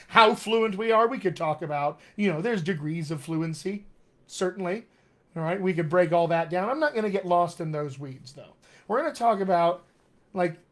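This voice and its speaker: Guy coaching accents on a livestream, kinda high voice, super conversational, keeps saying all right?. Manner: addresses viewers as "my friends"; slows down to stress key words. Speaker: dialect coach. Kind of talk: live-streamed teaching talk. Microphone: webcam or computer mic on a live video stream.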